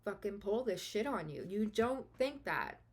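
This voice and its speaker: A woman's voice: mid-range voice, expressive, unhurried, breathy edge. A woman hosting a true-crime podcast, telling the story casually and bluntly, swearing freely and getting openly indignant. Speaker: podcast host.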